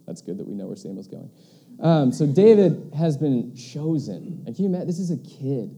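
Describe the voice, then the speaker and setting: A man preaches in a relaxed, talky way, full of little asides and "like" fillers. His voice is deeply dark and mellow, sitting at an ordinary middle pitch. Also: moderate pace, gravelly, husky. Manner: loose and chatty, many "like" fillers and asides. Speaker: pastor. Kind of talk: casual conversational sermon.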